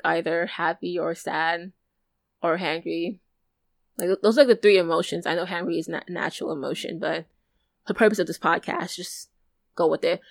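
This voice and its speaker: A woman's voice: fairly low pitch, no echo. A young adult woman hosting a solo podcast, talking candidly and earnestly, often repeating and restarting her phrases as she thinks aloud. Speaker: podcast host. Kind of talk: solo reflective podcast monologue.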